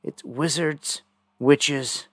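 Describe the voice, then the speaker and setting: A man's voice: on the high side, steady tone, very slow, dry recording. A man hosting a live news stream, rambling and indignant in a conspiratorial commentary.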